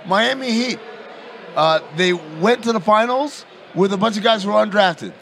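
A man's voice: sits high, normal speed, gravelly, a bit bright, a little hiss or hum. A man co-hosting a sports podcast, debating in a playful, mock-confident way. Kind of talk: casual sports debate chat.

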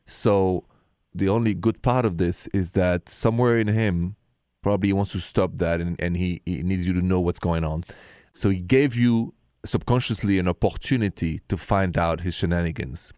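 Low-voiced man hosting. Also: normal speed, darkish tone, no echo, studio quality. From France. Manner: coaxing, explanatory, teases what comes next. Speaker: radio relationship advice host. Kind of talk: call-in radio advice.

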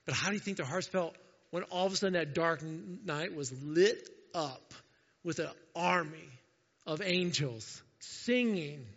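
A man's voice: a little high, unhurried, fairly bright tone. A male pastor preaching a conversational sermon in church, acting out little quoted voices as he goes. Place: church sanctuary. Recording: dull sound with long hall reverb.

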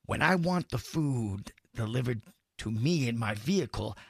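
A man putting on a slow, drawling impression of a famous film actor. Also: medium pitch, lively intonation, vocal fry, husky, no room sound, pitched below the performer's own voice.

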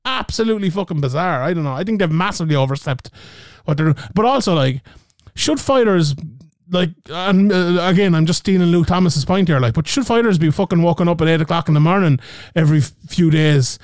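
A man's voice: a little high, expressive, fairly quick, darkish tone, dry recording, clean studio sound. A man co-hosting a casual podcast, ranting animatedly and swearing freely. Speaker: podcast co-host.

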